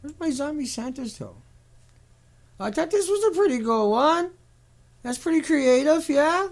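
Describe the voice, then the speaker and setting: Gravelly, sarcastic ranting man. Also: extremely high pitch, animated, unhurried. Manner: mocking, sarcastic, repetitive. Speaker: video commentator. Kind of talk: sarcastic ranting commentary over pictures.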